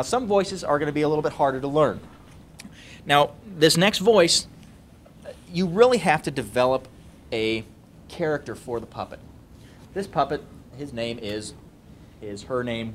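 A man with a deep bass voice teaching puppet voices in a casual, demonstrating way. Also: normal speed, long pauses, slight background noise. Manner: casual, demonstrating, many ums. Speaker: puppetry trainer. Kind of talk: instructional talk.

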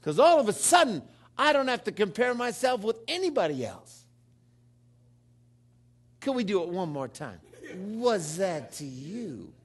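Male pastor, fifties, animated sermon delivery, call-and-response, wide pitch swings. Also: moderate pace, long pauses. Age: 50s. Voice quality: swings from low murmurs to loud, high exclamations.

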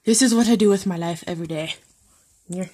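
A young woman vlogging casually, talking to her dog and rambling, swinging from mutters and whispers to sudden loud shouts. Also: lowish voice, fairly quick. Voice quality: husky.

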